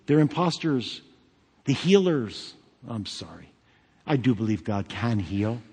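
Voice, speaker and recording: A man's voice: mid-range voice, very animated, unhurried, darkish tone, husky. A man pastor preaching a sermon emphatically, with joking asides. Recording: long hall reverb.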